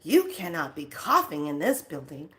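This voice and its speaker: A woman's voice: low-pitched, wildly swooping pitch, moderate pace, fairly bright tone, heavily acted. A woman voicing a polite but strict female doorkeeper in a dream, sing-song and official while she retells the scene. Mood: chirpy, officious. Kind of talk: storytelling with quoted voices.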